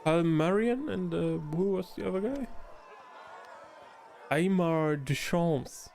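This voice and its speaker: A man's voice: a little high, slow, vocal fry, soft background music, some chatter behind. A man hosting a let's play, casually commenting as he explores the game. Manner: relaxed, talks to himself while exploring.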